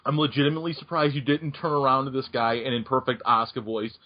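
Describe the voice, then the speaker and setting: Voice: mid-range voice, flat delivery, fast, dull audio. A podcast co-host chatting casually, playfully cutting in and teasing the others. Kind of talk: casual chat.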